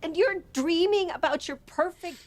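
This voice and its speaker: A woman's voice: very high-pitched, moderate pace, crowd noise. An actress playing an older aunt who raised her nephew, pouring out a pleading, emotional outburst. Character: aunt raising her nephew, overworked and hurt.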